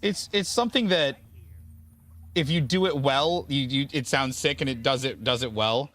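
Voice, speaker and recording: A man's voice: mid-range voice, normal speed, fairly bright tone. A man streaming a video game, chatting casually and rambling with viewers in a self-deprecating way. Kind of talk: casual gaming stream chat.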